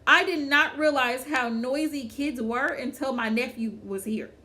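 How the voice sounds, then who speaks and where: A woman's voice: high-pitched, a little slow, pushed and bright. A woman hosting a casual livestream chat, talking to viewers by name, repeating her phrases and laughing often. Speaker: livestream host.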